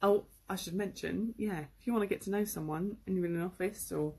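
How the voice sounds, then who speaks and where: A woman's voice: mid-range voice, a little fast, slightly rough. A woman giving a casual, chatty lesson, with lots of fillers. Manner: chatty, relaxed, full of fillers. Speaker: English teacher. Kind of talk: casual live-streamed lesson.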